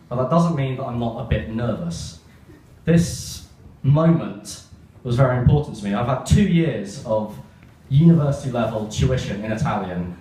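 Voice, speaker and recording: A young man doing a stand-up comedy set on stage, telling a joke with deadpan, self-aware asides. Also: mid-range voice, a little hiss or hum. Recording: echoey room heard from far off.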